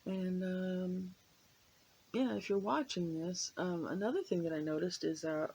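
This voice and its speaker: A woman's voice: lowish voice, unhurried, darkish tone, a little hiss or hum, low-quality recording. An American woman talking to her viewers in a rambling, hesitant way, with many fillers and restarts. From United States. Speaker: vlogger. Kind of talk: casual chat to camera.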